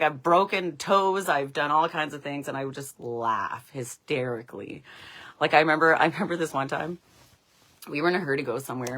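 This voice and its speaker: A woman's voice: low voice, fairly bright tone. A young woman telling stories on a casual livestream, chatty and laughing often. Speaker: livestream host.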